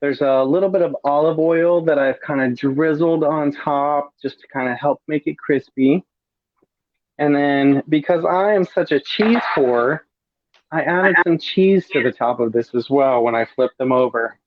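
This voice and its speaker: A man's voice: on the high side, measured pace, no room sound, lo-fi sound. Campy man demoing a recipe. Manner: campy, chatty, savoring each bite aloud. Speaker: drag performer cooking on a livestream. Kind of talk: casual cooking demonstration.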